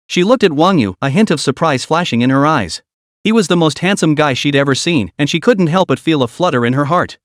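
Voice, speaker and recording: Lively male narrator, dry close sound. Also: on the high side, brisk, no echo. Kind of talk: scripted recap narration.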